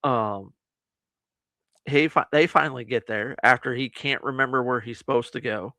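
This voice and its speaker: Bright-voiced man recapping a movie. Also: mid-range voice, normal speed, no room sound, studio quality. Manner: animated retelling, acts out quotes with laughs. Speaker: podcast co-host. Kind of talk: casual movie review chat.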